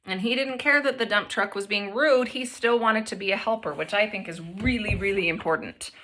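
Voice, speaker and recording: A young adult woman teacher reading a picture book aloud to children, gentle and encouraging, often pausing to ask them questions. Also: medium pitch, slight background noise.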